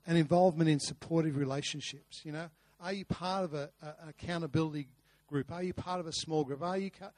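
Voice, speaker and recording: A man's voice: high voice, no room sound. A man preaching a sermon, earnest, with rhetorical questions and repeated words. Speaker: pastor. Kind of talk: sermon with a told story.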